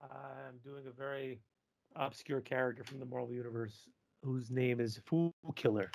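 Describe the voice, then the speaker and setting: A man's voice: mid-range voice, little pitch movement, moderate pace, gravelly, a little mellow, slight background noise. A man co-hosting a casual podcast, blunt and crude, swearing freely. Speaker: podcast co-host.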